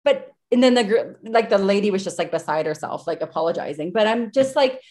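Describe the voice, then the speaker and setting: A woman's voice: mid-range voice, lively intonation, fairly quick, darkish tone. A woman in her thirties, a podcast guest, telling a story in a casual, chatty way over a video call, with lots of filler words. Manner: chatty, with many "like" fillers and breathless retelling.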